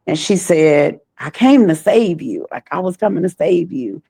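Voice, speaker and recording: Woman, trafficking survivor guest, deep gravelly voice, halting repetitive delivery. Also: animated, darkish tone, no echo. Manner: slow, halting, repeats phrases. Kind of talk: personal testimony.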